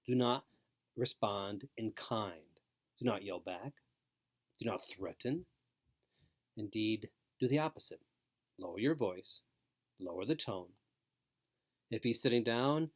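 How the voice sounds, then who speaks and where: A man giving a scripted training lecture to caregivers, speaking slowly with calm, repetitive emphasis. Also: medium pitch. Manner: slow, repetitive, soothing emphasis.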